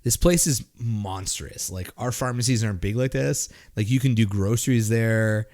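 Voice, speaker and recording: A podcast host from Montreal, Canada, tells a story in casual chat, swearing often, rambling, and restarting sentences with plenty of "like" fillers. His voice is lowish and a little mellow, at a normal speed.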